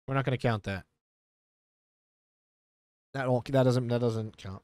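A male streamer chatting casually and excitedly while playing a game, often swearing when surprised. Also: medium pitch, unhurried, long pauses, no echo. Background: game music.

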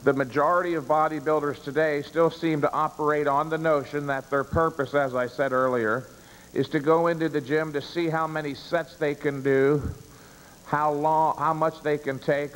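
A man lectures a seminar audience, pressing hard on key words and stopping to answer his own questions. His voice sits a little high. A long reverb trails behind every phrase. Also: level tone, a bit bright. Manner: emphatic, poses rhetorical questions and answers them; stresses key words deliberately. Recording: reverberant room, long echo.

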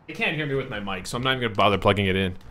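A man's voice: fairly low pitch, animated, very fast, sharp tone. A young man streaming a video game live, swearing in frustration and ranting as a baby cries over the voice chat. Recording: music playing behind. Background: game music and a baby crying.

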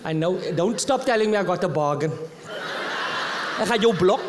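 High-voiced South African stand-up comic. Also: male voice, moderate pace, very noisy. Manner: animated storytelling, mixing Afrikaans slang into English. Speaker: stand-up comedian. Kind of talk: live stand-up comedy. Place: live comedy venue.

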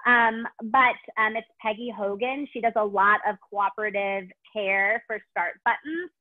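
A woman's voice: mid-range voice, measured pace. A woman with a Chicago accent, a dog trainer answering webinar questions in a gushing, rambling way with many ums. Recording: tinny phone-like call audio.

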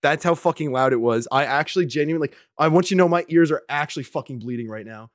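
A young man doing casual gameplay commentary, loud and profane and often laughing, on a home microphone that peaks. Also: on the high side, quick pace, dry recording, clean studio sound. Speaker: gaming streamer.

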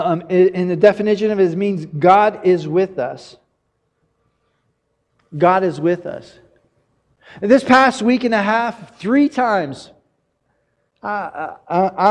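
Male pastor, sermon, high voice, earnest, stumbling restarts, long hall reverb. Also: unhurried, darkish tone. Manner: earnest, confessional, rambling with many restarts.

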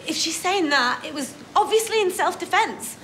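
An actress playing a protective, insistent friend in a TV soap drama. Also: female voice, very high-pitched, lively intonation, moderate pace, fairly bright tone, a little hiss or hum. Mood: worried.

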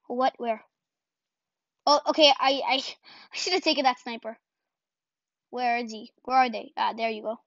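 A high-pitched woman talks through her game in casual, excitable bursts, laughing at her own mistakes and firing off repeated words. The sound is dull and lo-fi, with a close, dry feel and no room around it. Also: normal speed, long pauses, no room sound. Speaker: gaming channel host. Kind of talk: casual gameplay commentary. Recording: dull lo-fi home recording.

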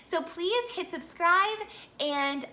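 A woman's voice: very high voice, expressive, takes it slowly, sharp tone. A young woman from the Midwest teaching a singing lesson, chatty and encouraging as she walks through vocal exercises. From American Midwest.

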